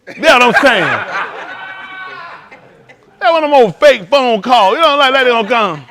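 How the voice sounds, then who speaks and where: This man's voice is very high-pitched and quick as he hosts a livestream at a congregation. He talks casually and jokes, telling animated stories, acting out quoted voices, and laughing.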